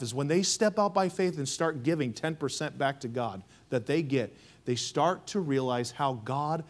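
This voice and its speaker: Here a pastor with a slightly high voice calls for responses from his congregation. His preaching is emphatic and rhythmic, shifting between loud passages and hushed ones.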